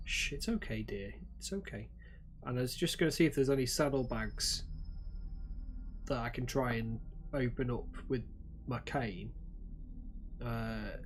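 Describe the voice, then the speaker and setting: A man playing a tabletop game, calmly describing what his character does. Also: medium pitch. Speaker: player.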